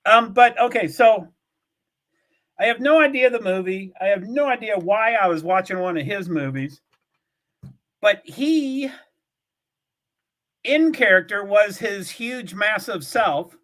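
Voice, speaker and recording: An older man hosts his own livestream and rambles along to his viewers in easy, casual chat. His voice sits high and bright, and it swoops up and down as he wanders between thoughts, chuckling often and filling gaps with "you know" and "anyway.". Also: expressive, measured pace, long pauses. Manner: meandering, full of fillers, chuckling often. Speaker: livestream host. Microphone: streaming setup, from home.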